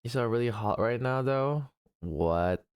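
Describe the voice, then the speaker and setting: Tired, slightly raspy male streamer. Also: mid-range voice, normal speed, a little mellow. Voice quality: slight rasp. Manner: playful, rambling, with many restarts. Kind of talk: casual live-stream chat.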